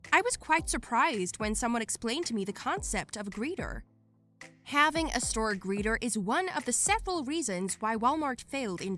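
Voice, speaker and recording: A woman narrating Reddit posts as a lively scripted storytelling read. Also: a little high.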